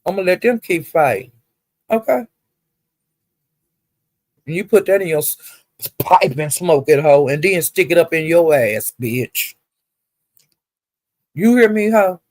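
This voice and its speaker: A woman's voice: sits low, lively intonation, measured pace, long pauses, a little mellow, dry recording. A woman gossiping on a casual livestream, sassy and profane, with drawling "well, honey" asides. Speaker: livestream commentator.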